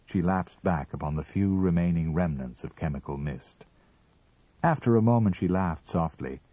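A man narrating a story aloud in a measured, expressive reading style. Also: sits low, no echo.

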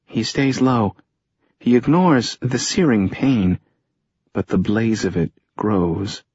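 Guy reading an audiobook, slow and dramatic, kinda husky, dry dull recording. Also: lowish voice, darkish tone, no room sound. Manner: dramatic, measured storytelling. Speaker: audiobook narrator. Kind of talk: scripted narration.

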